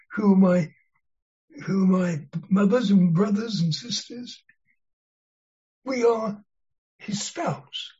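A preacher giving an expository sermon, speaking in a slow, deliberate and earnest way and leaning on key words. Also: medium pitch, darkish tone. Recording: dull lo-fi sermon recording.

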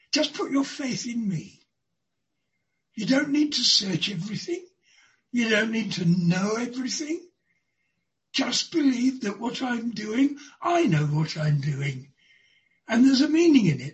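Preacher, sermon, slow deliberate delivery, mid pitch. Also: low-quality recording.

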